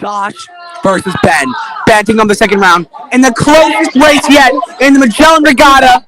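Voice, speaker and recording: A young man commentating a live race event, excitable, with calls that build into rapid repetition. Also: very high-pitched, music in the background. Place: indoor room with a chanting crowd. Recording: noisy room with cheering crowd.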